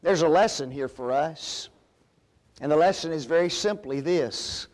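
A man's voice: on the high side, measured pace, darkish tone. A man preaching a Bible lesson, speaking emphatically, calling the listeners folks and asking rhetorical questions. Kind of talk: sermon-style Bible lesson.

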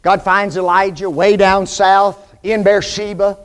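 A man with a strikingly high voice delivers a sermon. He leans hard on his points and keeps asking the congregation rhetorical questions. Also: flat delivery, unhurried, fairly bright tone, clean tone. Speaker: preacher.

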